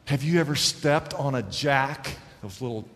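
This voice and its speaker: A man's voice: mid-range voice, normal speed, a bit bright. A man preaching a sermon in a church, emphatic and calling for responses from the congregation, stretching out key words. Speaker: pastor. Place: church sanctuary. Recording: church hall reverb.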